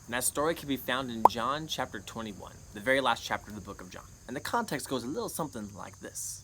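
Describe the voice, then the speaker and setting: A man's voice: medium pitch, a bit bright, a little hiss or hum, rough recording. A man teaching a casual Bible lesson, chatty and playful, with joking asides.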